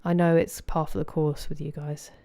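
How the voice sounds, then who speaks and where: A woman's voice: low voice, little pitch movement, normal speed, warm tone, no room sound, studio quality. A woman from southeast England with a southeast English accent, chatting casually with live viewers while streaming a game and greeting them by name.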